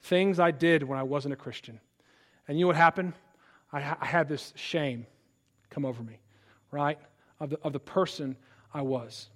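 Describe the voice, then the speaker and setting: High-voiced earnest man preaching. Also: normal speed, long pauses. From Illinois, USA. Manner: earnest, emphatic preaching with repeated words. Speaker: pastor. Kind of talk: sermon.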